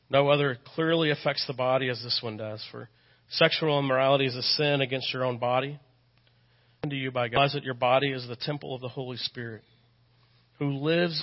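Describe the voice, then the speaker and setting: A man's voice: mid-range voice, highs cut off. A man with a Texan accent preaching a sermon as a pastor, earnest and conversational, repeating phrases for emphasis and dropping in self-deprecating asides. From Texas. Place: church sanctuary.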